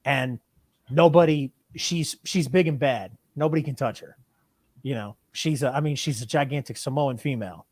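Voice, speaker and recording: A man's voice: medium pitch, moderate pace, no room sound, clean studio sound. Man telling stories on a podcast. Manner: animated storyteller acting out movie scenes. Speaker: podcast co-host. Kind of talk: casual chat.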